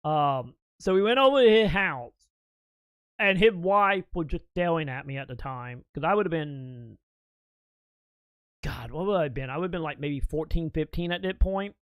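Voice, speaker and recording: A man's voice: a little high, animated, normal speed, fairly bright tone, clean tone, no room sound. A man in his thirties, a streamer telling a long story to his chat in casual, profane and rambling talk, laughing now and then.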